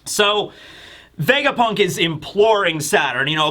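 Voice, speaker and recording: A man's voice: a little high, expressive, normal speed, pushed and bright. A man hosting a manga review, chatting casually and animatedly, laughing and acting out the characters. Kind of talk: casual commentary.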